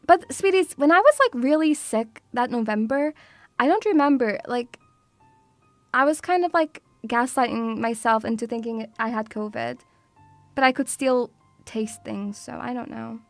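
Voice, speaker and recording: A woman's voice: fairly high pitch, lively intonation, normal speed, no room sound, faint music behind. A woman streamer chatting casually and playfully with her viewers. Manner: playful, bubbly, teasing. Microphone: studio mic through audio mixer.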